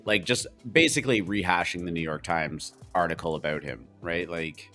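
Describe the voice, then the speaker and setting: A Canadian man with a fairly low voice chats loosely as a podcast co-host. He talks bluntly and rambles, filling gaps with "like" and "you know." Faint music sits underneath. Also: moderate pace, pushed and bright. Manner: blunt, rambling, with frequent fillers and laughs. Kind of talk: casual podcast chat.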